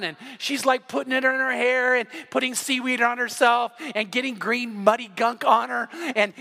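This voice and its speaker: A male pastor delivers a sermon in a high, bright voice that carries over the room. He tells a story with plenty of animation and jumps into the voices of the people in it. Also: moderate pace, creaky, hardly any pauses. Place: church sanctuary.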